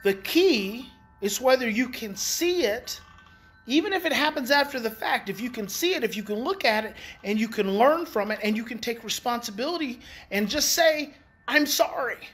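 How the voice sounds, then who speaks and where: A man and parenting educator in a casual daily talk to viewers. He is emphatic, repeats key phrases and swings in pitch. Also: expressive, moderate pace, fairly bright tone. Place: outdoors in the evening.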